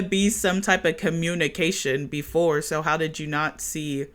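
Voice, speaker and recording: A woman's voice: low-pitched, moderate pace, a bit bright. A woman giving a blunt, sassy, casual recap of a reality show, with music under her voice. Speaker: recap host.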